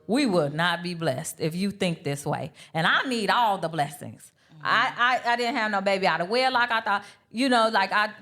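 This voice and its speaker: With a medium-pitched, slightly bright voice, a woman tells an earnest personal story while co-hosting a candid live podcast panel at a brunch. She keeps circling back to her points to stress them.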